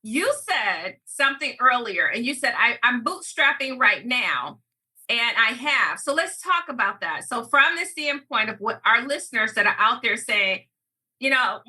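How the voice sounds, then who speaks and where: Bright husky woman podcast host. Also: a little high, sing-song, a little slow, far from the mic, poor audio. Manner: upbeat, guiding the conversation. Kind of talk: interview questions.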